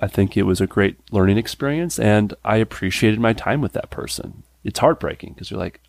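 A man in his thirties, a character actor and improviser, chatting casually as a podcast guest, animated and laughing often, with many "like" fillers and sudden pitch jumps when he acts out what people say. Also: fairly quick, gravelly, hardly any pauses, no echo. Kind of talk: casual podcast interview chat.

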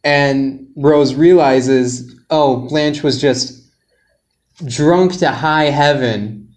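A man's voice: mid-range voice, drawn-out words, a little mellow. A man co-hosting a podcast, casually retelling a silly plot and laughing through his own jokes. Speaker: podcast co-host.

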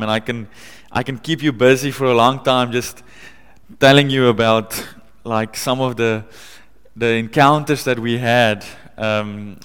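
A man preaching a sermon in a church, conversational, laughing often and growing excited as he tells stories. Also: mid-range voice, smooth, big-room sound. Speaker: pastor.

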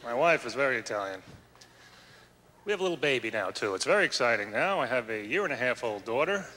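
A man doing a relaxed, chatty stand-up set. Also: mid-range voice, quick pace. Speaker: stand-up comedian. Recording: echoey hall with crowd and hiss.

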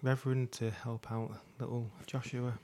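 Give me a man with a gravelly voice, chatting casually as a podcast co-host. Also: mid-range voice, level tone, moderate pace, a crowd in the background. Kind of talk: casual chat.

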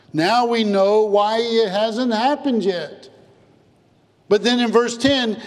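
A man preaching a sermon as pastor, emphatic, repeating phrases and dropping low and soft on key words. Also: lively intonation, takes it slowly, big-room sound. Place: church.

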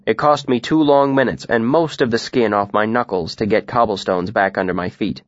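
A man narrating a story in the first person, in an even, measured way. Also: medium pitch, no echo, dull audio. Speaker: audiobook narrator.

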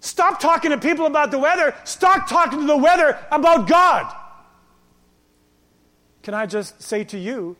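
A male pastor preaching a sermon, swinging between loud exhortation and quiet storytelling. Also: high voice.

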